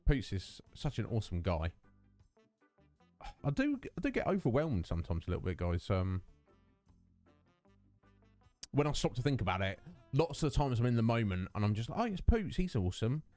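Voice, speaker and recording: A man's voice: on the low side, sing-song, normal speed, long pauses, darkish tone, faint music behind. A young man hosting a casual stream, rambling with lots of fillers and self-mocking asides. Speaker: livestream host. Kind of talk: casual chat with viewers.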